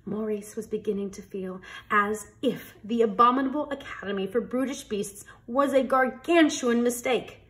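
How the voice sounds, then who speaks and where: A woman reading a picture book aloud with an expressive storytelling delivery. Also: a little high, normal speed, hardly any pauses. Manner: expressive, animated read-aloud.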